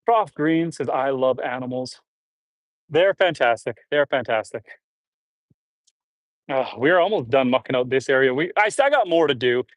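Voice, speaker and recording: A man's voice: medium pitch, animated, fairly quick, hardly any pauses, dry recording. A man from Canada chatting live with viewers while shoveling manure on his farm outdoors, grunting and sighing between loads and slightly out of breath. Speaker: homestead livestreamer. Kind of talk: casual live chat reading comments while working. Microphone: phone.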